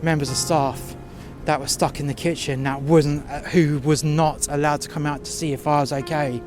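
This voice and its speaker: Slightly high-voiced man, halting storyteller prone to sweary rants, recorded outdoors in the cold. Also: little pitch movement, music in the background. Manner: halting, with frequent "uh" fillers and heated profane outbursts. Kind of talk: first-person storytelling monologue.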